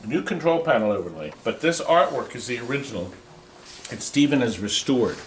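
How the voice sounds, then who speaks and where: An upbeat man walks through arcade game restorations in a casual, joking way. His voice is of middle pitch, and a faint hiss of noise sits under it. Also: sing-song, fairly quick, low-quality recording. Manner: chatty, enthusiastic, reads aloud and jokes. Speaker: co-host of an arcade restoration show. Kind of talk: casual on-camera show and tell. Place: amusement game shop or warehouse.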